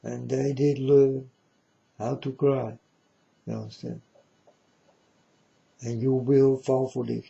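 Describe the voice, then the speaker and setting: A man's voice: mid-range voice, flat delivery, takes it slowly, vocal fry, pauses often, warm tone, muffled recording. A man giving a preachy monologue in broken, non-native English, emphatic and repetitive, often asking if the listener understands. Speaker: speaker addressing viewers.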